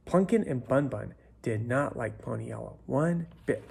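A man reading a children's picture book aloud, unhurried, often dropping to a whisper. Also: medium pitch, expressive, creaky, a little mellow, slightly rough. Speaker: storybook reader. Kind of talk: children's story read aloud.

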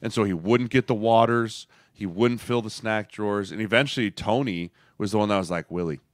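A man's voice: fairly low pitch, no echo, clean studio sound. A man co-hosting a football podcast, a former lineman turned agent, telling stories in casual chat and acting out the voices he quotes. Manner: animated storyteller, acts out quoted voices.

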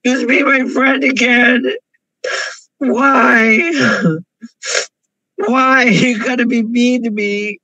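A man's voice: extremely high pitch, flat delivery, extremely slow, pauses often, sharp tone, no echo, highs cut off. A man crying through an emotional confessional vlog, pleading and repeating himself over and over from his parked car. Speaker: vlogger.

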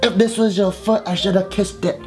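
A man playing a doting, sweet-talking immigrant father who speaks slow broken English. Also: sits high, steady tone, music in the background, pitched above the performer's own voice, close to an everyday voice.

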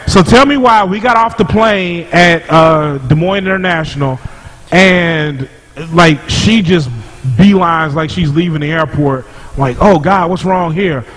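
A man chatting as a podcast guest, telling stories in an animated way and laughing often. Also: a little high, measured pace, rough recording. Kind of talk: casual chat.

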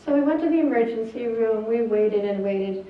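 A woman's voice: fairly high pitch, animated, moderate pace, slight background noise. Older woman doctor, distant echo. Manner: earnest and plainspoken, with hesitations. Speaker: speaker telling a family story. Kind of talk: presentation. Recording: distant echoey lo-fi hall recording.

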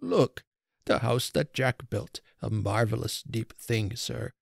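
A man's voice: mid-range voice, slow, vocal fry, slightly rough, dry recording, studio quality, heavily acted. A man reading aloud as a frightened, humble old Father Christmas, speaking timidly and apologetically. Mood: timid pleading. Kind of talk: storybook reading.

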